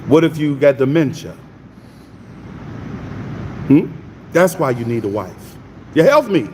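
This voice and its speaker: A middle-aged man, preaching casually on a morning Bible stream. His voice is fairly high and swings widely in pitch as he talks in a folksy way to his viewers. A long reverb trails his words over faint background noise. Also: measured pace. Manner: folksy, animated, talks to his chat by name. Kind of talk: casual preaching and scripture reading.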